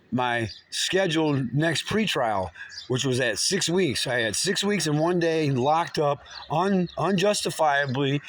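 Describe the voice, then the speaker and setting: A man's voice: a little high, a little hiss or hum. Agitated, swearing man ranting. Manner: profane, agitated, halting with many restarts. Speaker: vlogger telling his story. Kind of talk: angry rambling monologue.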